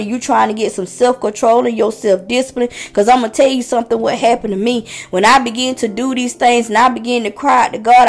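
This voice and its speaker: A woman's voice: a little high, gravelly. A woman hosting a preaching podcast, talking passionately to her listeners and calling out to them again and again. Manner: impassioned, calls out to listeners; conversational preaching with repetitions.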